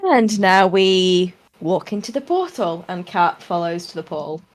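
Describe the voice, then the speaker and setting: A woman's voice: fairly low pitch, expressive, measured pace. A woman player in a tabletop role-play, blunt and dry.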